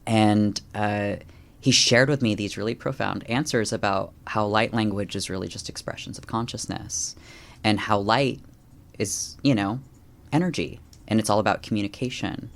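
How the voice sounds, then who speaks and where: A man's voice: on the low side, moderate pace, vocal fry. A man on a podcast as a guest, telling a personal spiritual story in a conversational way and acting out quoted lines with a lifted voice. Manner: animated, acts out quoted lines in a raised voice; many fillers and restarts.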